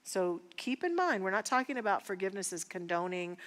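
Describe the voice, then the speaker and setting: A woman minister teaching a spiritual class, speaking in an earnest, personal and unhurried way. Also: medium pitch, sing-song, a bit bright, in a large hall. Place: church sanctuary.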